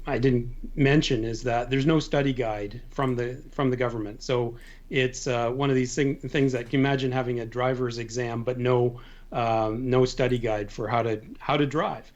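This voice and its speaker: A man's voice: medium pitch, moderate pace. Canadian man on a dull remote call. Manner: relaxed, explanatory, many fillers. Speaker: guest, drone exam instructor. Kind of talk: casual chat on a video call.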